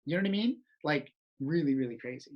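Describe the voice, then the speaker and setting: Animated man telling stories. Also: a little high, fast talker, dull audio. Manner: animated, laughs often. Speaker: podcast host. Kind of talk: casual storytelling chat.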